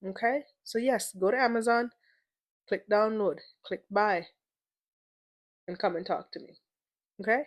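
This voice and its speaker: A woman's voice: medium pitch, measured pace, pauses often. A young adult woman hosting her own podcast, chatty, playful and a little emotional, repeating words for emphasis. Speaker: podcast host. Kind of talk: casual solo podcast monologue.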